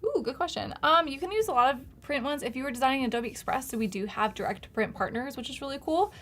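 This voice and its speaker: A woman's voice: high voice, expressive, fast talker, a bit bright. A woman hosting a live design stream, chatting and narrating each step with frequent laughs. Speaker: livestream host and designer. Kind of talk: casual live design demo.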